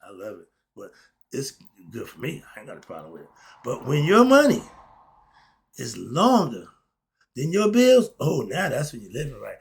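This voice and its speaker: An older man talking casually and emphatically in a monologue, with laughing asides, swinging between loud and soft. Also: mid-range voice, huge pitch swings, moderate pace, creaky, slightly rough. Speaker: commentator.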